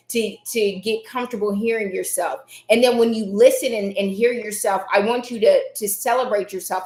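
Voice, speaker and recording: Woman, motivational live-stream talk, earnest and emphatic, slightly raspy, echoey room. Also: medium pitch, darkish tone. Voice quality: says her voice can be raspy at times. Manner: earnest, repetitive, emphatic affirmations. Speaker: host of a live self-help stream.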